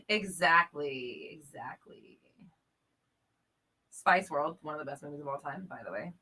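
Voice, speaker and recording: A woman's voice: low-pitched, animated, a little slow, pauses often, pushed and bright, husky. A woman hosting a casual live-stream chat, reading out viewer comments, chatty and playful with frequent laughter. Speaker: host and coach.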